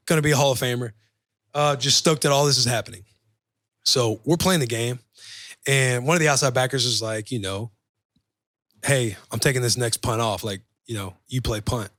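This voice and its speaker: A young man, a football player, telling an animated, profane story in casual podcast chat and acting out the voices in it. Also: medium pitch, moderate pace, no room sound, clean studio sound.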